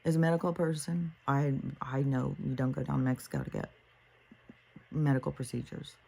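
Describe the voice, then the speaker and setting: A woman's voice: extremely low pitch, animated, fairly quick, gravelly, dark tone, husky, poor audio. An older woman hosting a casual monologue, ranting and swearing as she tells stories and quotes herself and others. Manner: profane, ranting storyteller. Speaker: host.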